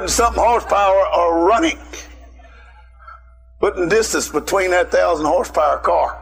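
A man's voice: sits high, moderate pace, vocal fry, pauses often, soft background music. A man preaching a sermon, telling a personal story and calling out emphatically to his listeners.

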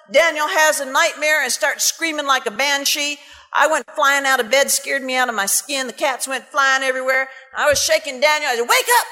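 A woman preacher telling a story in a sermon, animated and dramatic. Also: sits high, big-room sound.

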